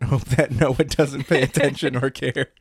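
A man's voice: mid-range voice, normal speed, creaky, husky, dry recording, studio quality. A young man co-hosting a casual podcast, cracking crude jokes and retelling his day. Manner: joking, crude, animated retelling. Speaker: podcast co-host. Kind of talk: casual chat.

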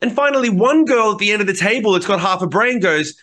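Animated, bright-voiced man telling stories. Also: high-pitched, fast. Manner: animated storyteller, swears freely, acts out quotes. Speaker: podcast co-host. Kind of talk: casual chat.

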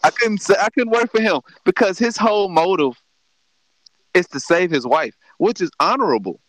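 A man's voice: high voice, moderate pace, no room sound, poor audio. A man co-hosting a casual podcast chat, telling jokey stories with lots of laughter. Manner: joking, animated storytelling. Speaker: podcast co-host.

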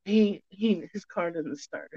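A woman's voice: on the low side, darkish tone, slightly rough, no echo. A woman telling a long story in a rambling, chatty way during a casual podcast chat. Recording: dull lo-fi recording.

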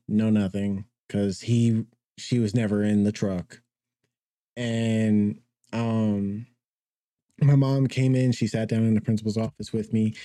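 Dark-voiced young man telling a story. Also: fairly low pitch, no echo. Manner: rambling, laughs through his own story. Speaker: podcast co-host. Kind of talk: casual storytelling.

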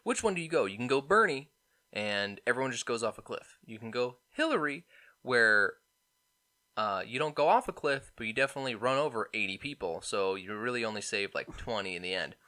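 A young man co-hosting a podcast, ranting excitedly about politics and mocking people in put-on voices. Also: mid-range voice, a little fast. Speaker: podcast co-host. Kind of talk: casual political banter.

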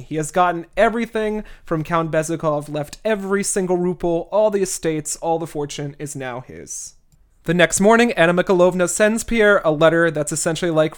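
Casual, irreverent podcast host with a mid-range voice, chatty book-club energy. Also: medium pitch. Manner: chatty, irreverent, occasional swearing.

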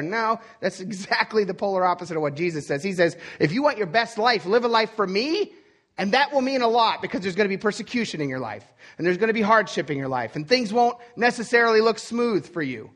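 A man's voice: high-pitched, animated, a little fast, fairly bright tone. Man preaching, loose and conversational. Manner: conversational preaching with frequent "right?" asides and chuckles. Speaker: pastor. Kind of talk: sermon.

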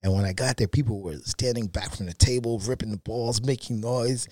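A man as a podcast guest, telling candid personal anecdotes in a casual, animated way with frequent fillers. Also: medium pitch, fairly quick, no echo. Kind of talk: casual storytelling.

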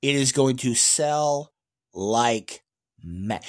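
Slow-talking man ranting casually. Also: medium pitch. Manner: rambling, many fillers and restarts; animated, emphatic rants. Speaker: EV news vlogger. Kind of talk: casual opinionated commentary.

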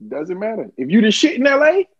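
A man's voice: brisk, highs cut off. A man co-hosting a casual, profane chat, telling stories animatedly and putting on voices. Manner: animated storyteller, profane, acts out his younger self in a high voice.

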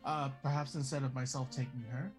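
A tabletop player voicing a polite, flustered high-society pet caretaker, talking in a posh, breathless, overly courteous way. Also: fairly even intonation, brisk, faint music behind, lightly acted.

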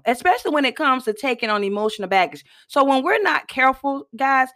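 A woman hosting a casual motivational talk in a folksy, chatty way, often clearing her throat and coughing. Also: fairly high pitch, fairly bright tone. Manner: chatty, folksy, addresses listeners as y'all. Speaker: host.

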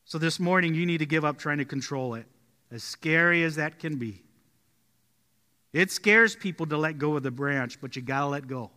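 A man preaching a sermon as pastor, telling stories and dropping his voice low and slow to stress key points. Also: big-room sound. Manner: storytelling, drops quiet and slow on key points. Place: church sanctuary.

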